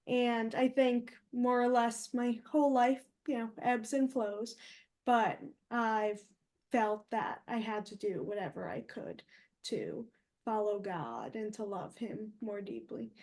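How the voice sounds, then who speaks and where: A woman's voice: on the high side, slow, a little mellow. A young woman, a guest on an interview show, speaking earnestly and reflectively with light laughs. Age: young adult. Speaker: guest, university co-founder. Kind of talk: casual interview.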